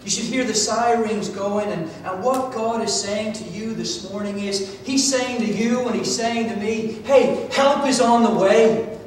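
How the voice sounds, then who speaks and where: A man from Georgia preaching a sermon, telling a story with drama, swinging from loud to hushed. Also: fairly even intonation, measured pace, few pauses. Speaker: pastor. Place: church sanctuary. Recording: echoey church hall from far off, faint rumble.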